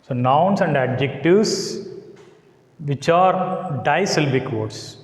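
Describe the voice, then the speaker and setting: A man with an Indian English accent teaching a lesson on English word stress, slowly repeating words and rules and checking that students follow. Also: a little high, animated. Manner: slow, repeats words and rules, asks "got it?". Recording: echoey room, long reverb.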